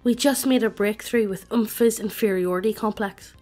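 A synthetic woman's voice reading the lines of a gentle male gargoyle counselor, hushed. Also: mid-range voice, normal speed, faint music behind, close to an everyday voice.

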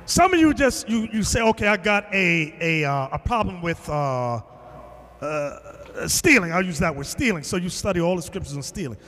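A man preaching to a class, telling a story with lively acted-out quotes and bursts of shouting. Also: high voice, moderate pace, long reverb tail. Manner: animated storytelling, acting out quotes, shouting at times. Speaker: teacher. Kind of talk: sermon.

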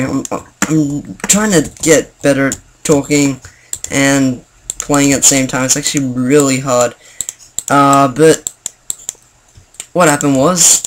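A young man commenting on his game as he plays, excitable, stammering and jokingly indignant. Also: on the high side, a little hiss or hum. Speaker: gaming channel host. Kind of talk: gameplay commentary.

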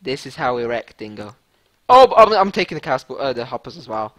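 A man with a high voice, commentating his own gameplay at a desk mic with breathless excitement. He stammers and swings between shouting and near-whispers. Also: fast talker. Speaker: gaming channel host.

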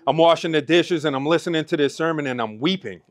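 A man's voice: a little high, fast talker, dry recording, studio quality. A man in his thirties giving an emotional personal testimony speech at an event, fighting back tears as he talks. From Pennsylvania. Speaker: speaker. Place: event hall.

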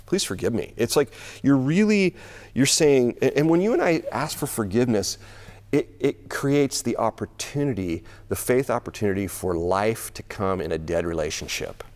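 A man's voice: medium pitch, expressive, moderate pace, darkish tone. A middle-aged man preaching a sermon in a church, conversational, laughing often and repeating words as he thinks. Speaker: pastor.

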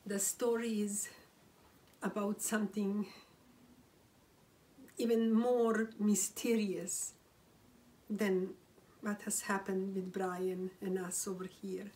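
Grieving woman speaking slowly, distant mic. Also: mid-range voice, flat delivery, dark tone, slight background noise. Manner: halting, with frequent restarts and whispered phrases. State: grieving, close to tears. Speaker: widow telling a personal story. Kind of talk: emotional first-person storytelling. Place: room at home, seated.

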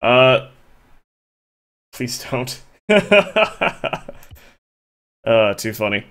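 A man's voice: mid-range voice, animated, a little slow, fairly bright tone. A man casually chatting and joking while he streams a video game, talking to his chat and a friend. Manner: joking, loose, talks to chat while playing.

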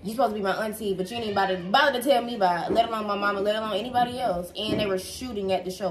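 A young woman in a casual family chat, speaking low-key and soft, getting sharper when indignant. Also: racing, few pauses. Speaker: family member joining the talk. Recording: echoey room with faint noise.

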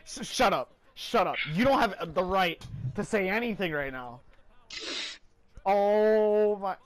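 A young man streaming a hockey game, loudly swearing and ranting in mock outrage at a teammate. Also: high voice, lively intonation, slow. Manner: loud, swearing, incredulous ranting with laughter. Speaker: gaming streamer. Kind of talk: casual gaming banter.

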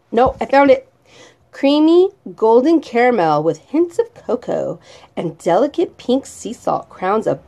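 Slow-talking, lively-pitched woman vlogger. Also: creaky. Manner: chatty, drawn-out, reads product descriptions aloud. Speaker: vlogger reviewing home fragrance products. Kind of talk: casual chat.

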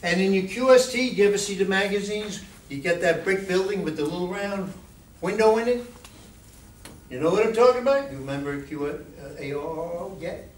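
A man's voice: sits high, expressive, fairly quick. A man giving an informal talk to a club meeting as a guest speaker, chatty and often asking the audience questions. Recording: echoey room, distant mic, faint noise.

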